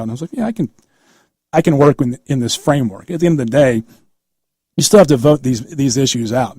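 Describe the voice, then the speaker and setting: Man, 50s, radio host, chatty storyteller, husky, dry studio sound. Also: medium pitch, dark tone, dry recording. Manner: conversational storyteller, acts out quoted dialogue. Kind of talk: casual political talk radio.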